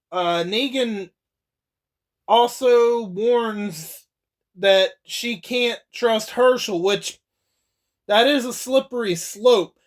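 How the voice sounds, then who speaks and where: Brief: high-pitched young male reviewer, slow loose delivery, laughs and curses through a show recap. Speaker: TV episode reviewer. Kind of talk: casual spoken recap.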